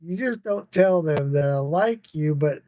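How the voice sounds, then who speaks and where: A man's voice: on the high side, lively intonation, measured pace, dark tone, dry recording. A tired man hosting a casual late-night livestream podcast, reading viewers' comments aloud in a rambling, swearing, laughing way. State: tired, yawning. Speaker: podcast host reading live chat.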